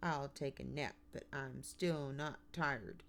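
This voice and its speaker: A woman's voice: extremely low pitch, steady tone, takes it slowly, creaky, slight background noise, exaggerated voice. A woman reading an audiobook, voicing a thin, whiny boy of about ten. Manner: whining.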